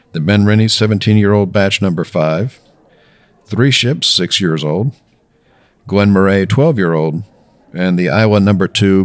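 A man with a very deep voice hosts a casual drinks podcast, joking and rambling as he pauses over his words. The sound is dry and close. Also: no echo. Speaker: podcast host.

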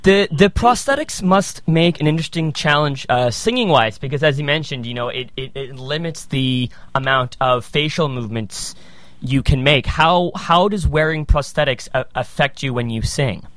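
A man interviewing a performer, asking questions with halting repeats. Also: a little high, a bit bright, no room sound.

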